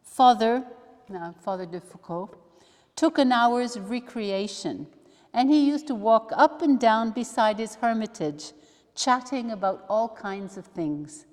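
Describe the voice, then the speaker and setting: A woman, a religious sister, leading a study day, talking slowly and thoughtfully with soft asides as she reads aloud. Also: fairly high pitch. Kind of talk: reflective teaching talk with readings. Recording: long hall reverb.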